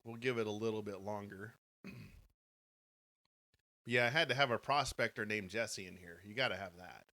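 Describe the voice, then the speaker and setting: A man's voice: fairly low pitch, normal speed, long pauses, pushed and bright. A man co-hosting a podcast, joking and laughing as he tallies listener votes. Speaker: podcast co-host running the audience vote. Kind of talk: live podcast chat.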